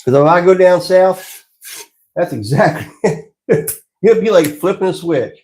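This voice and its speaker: A relaxed man talking through a live stream while he works at the wheel in his pottery workshop. His voice sits slightly high for a man, and his talk wanders easily from one thing to the next, broken by small chuckles. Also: a little slow. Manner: easygoing, rambling, chuckles often. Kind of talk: casual live-stream chat while working.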